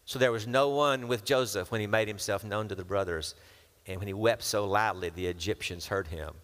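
A man with a lowish, fairly bright voice preaches a sermon at a fairly quick pace. He reads scripture and breaks into casual asides acting out the characters, with a long hall reverb on the recording.

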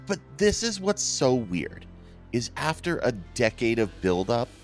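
A man's voice: medium pitch, very animated, unhurried, faint music behind. A man hosting a casual movie podcast, telling the story with mock quotes in silly voices. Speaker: podcast host.

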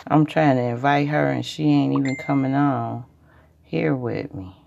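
A woman's voice: very deep voice, measured pace, creaky, darkish tone, lo-fi sound, slight background noise. A woman hosting a rambling, preachy spiritual livestream monologue that circles back and repeats itself. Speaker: podcast host.

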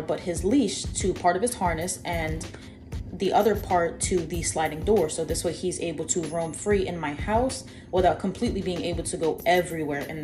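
A young woman co-hosting a podcast, telling a story in a lively, chatty way. Her voice sits on the low side for a woman, and she keeps turning to talk straight to her listeners. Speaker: podcast co-host. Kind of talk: casual storytelling.

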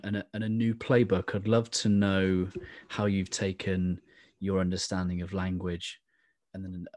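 A man's voice: sits low, a little mellow, dry recording, studio quality. A man hosting an interview, who asks his questions and murmurs agreement often. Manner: attentive, frequent murmured agreement. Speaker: podcast host.

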